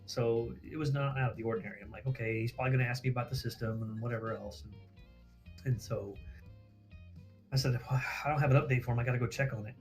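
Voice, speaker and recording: A man's voice: mid-range voice, steady tone, quick pace, faint music behind. A man casually telling a story on a livestream, acting out quoted dialogue, swearing freely and laughing at himself.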